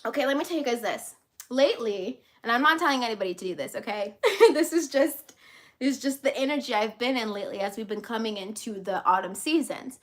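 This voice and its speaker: A woman's voice: on the high side, lively intonation, fairly quick. A woman coach giving a motivational vlog talk, emphatic and repetitive, casual and willing to swear. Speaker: life and business coach.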